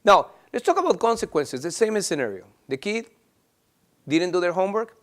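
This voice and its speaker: Guy doing a parenting class, high voice, real lively, acts out little scenes. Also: moderate pace. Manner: animated, acts out parent and child dialogue. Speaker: parenting teacher. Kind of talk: explanatory talk to camera.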